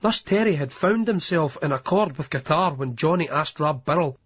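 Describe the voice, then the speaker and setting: Male audiobook narrator, husky, muffled lo-fi recording. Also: a little high, normal speed. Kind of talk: scripted narration. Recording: dull lo-fi audiobook.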